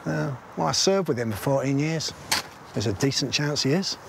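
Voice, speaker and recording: A man's voice: mid-range voice, expressive, normal speed, vocal fry, background noise. An actor playing a blunt, middle-aged army veteran who swears constantly and rambles through grim stories, asking "right?" as he goes. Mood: gruff. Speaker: soldier telling a war story. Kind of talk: film drama acting.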